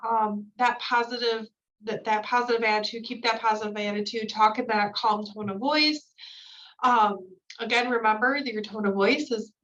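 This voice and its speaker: Female trainer, slightly higher voice, heard from across the room on muffled lo-fi audio; reads slides, then riffs casually. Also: a bit bright. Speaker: new-hire trainer. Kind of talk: recorded training lecture. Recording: distant mic, dull lo-fi sound.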